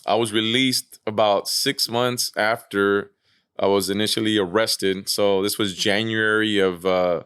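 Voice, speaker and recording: A man as a podcast guest, telling stories in a casual, animated way, peppered with "man" and "bro". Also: on the low side, unhurried, smooth, no echo, studio quality. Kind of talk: casual storytelling chat.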